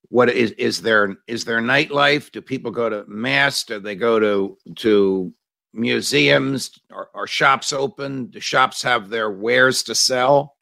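A male host with a gravelly, rough-edged voice puts pointed, opinionated questions to his guest. His tone is bright and forceful. The sound is close and dry, with no room around it. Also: mid-range voice, dry recording. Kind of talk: talk show interview.

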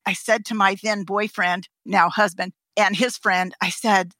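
A woman guest on a podcast telling a story in a casual, animated way and acting out the voices of the people in it. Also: mid-range voice, a little slow, no room sound. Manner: animated, acts out the voices in her stories.

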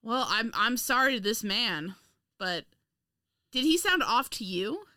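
A woman's voice: a little high, big pitch swings, measured pace, sharp tone, no echo, studio quality. A woman co-hosting a podcast, chatting casually and sarcastically, laughing often. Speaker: podcast co-host. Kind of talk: casual comedic chat.

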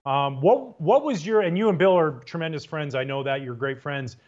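A man hosts a relaxed chat in a slightly raised voice, eager and rambling, repeating words as he builds his questions. The audio is dull and lo-fi. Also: fairly high pitch, moderate pace. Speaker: podcast host, former pitcher. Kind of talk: casual interview chat. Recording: dull lo-fi sound.

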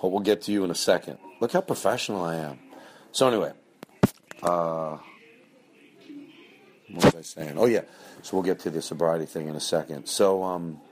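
A man with a low, deep voice talks loosely, as if to his podcast listeners. He rambles from story to story in a joking way. He sounds middle-aged. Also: normal speed, pauses often. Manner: loose and joking, breaks into high mocking voices for bits. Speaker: podcast host. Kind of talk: casual rambling monologue.

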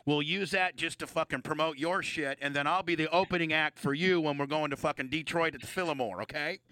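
Brash, bright-voiced man riffing profanely. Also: a little high, fairly quick. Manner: loud, profane, riffing with mock gambler talk. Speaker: radio show host. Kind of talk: casual profane banter.

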